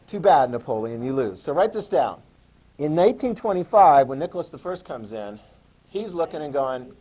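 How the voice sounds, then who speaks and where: A man teaching a history class, lecturing in an animated way, joking and asking students questions. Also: mid-range voice, fairly quick, slight background noise, low-quality recording. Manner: animated, talks to students, jokes and asks questions.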